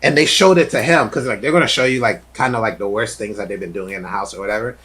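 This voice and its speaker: A man's voice: on the low side, quick pace, noisy background. A man hosting a podcast, telling stories animatedly in casual chat with lots of filler words. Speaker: podcast host.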